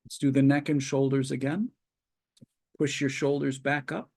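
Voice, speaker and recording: Here a calm man, a psychologist hosting a webinar, gives guided muscle relaxation instruction. His creaky, mid-range voice moves slowly through calm, step-by-step cues with long pauses.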